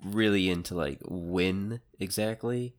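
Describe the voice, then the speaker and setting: Very deep-voiced hesitant man. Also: slow pace. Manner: hesitant, rambling, full of likes and restarts. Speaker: podcast co-host. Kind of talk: casual chat.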